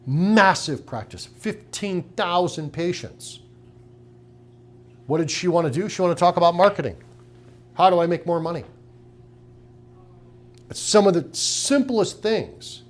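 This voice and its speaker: A man's voice: on the high side, a little mellow. A middle-aged man giving a business training talk to clinic owners, emphatic and punchy, with rhetorical questions. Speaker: practice consultant.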